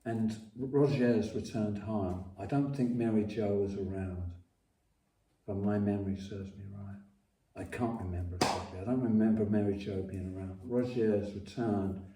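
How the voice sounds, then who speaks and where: Guest, 60s, mellow voice, rambling and profane, echoey room, far mic. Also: male voice, lowish voice, fairly even intonation, normal speed. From London. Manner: profane, repetitive, many restarts and coughs. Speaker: podcast guest. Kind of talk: rambling casual storytelling. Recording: roomy, distant mic.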